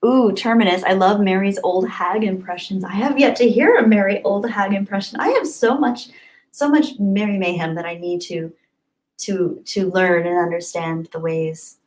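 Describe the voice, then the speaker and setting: A woman's voice: medium pitch, moderate pace, a little mellow, low-quality recording. Chatty woman streamer reading chat. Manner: chatty, reads viewer comments aloud, laughs often. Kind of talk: casual live stream chat.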